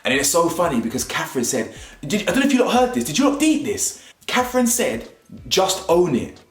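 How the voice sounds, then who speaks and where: A young YouTuber reviews a reality show from home, commenting casually in animated, slangy talk and repeating himself for emphasis. His voice is high-pitched and quick, and the room is echoey.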